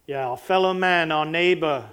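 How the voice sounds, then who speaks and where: A man's voice: a little high, normal speed, a bit bright, clear, resonant tone. A man preaching a sermon, talking conversationally and putting rhetorical questions to his listeners.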